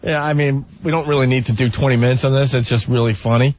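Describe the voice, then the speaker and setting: A man's voice: mid-range voice, fairly even intonation, quick pace, dry recording. Male talk-radio host, joking. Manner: joking, boastful. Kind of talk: casual talk-radio banter. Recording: dull lo-fi radio recording.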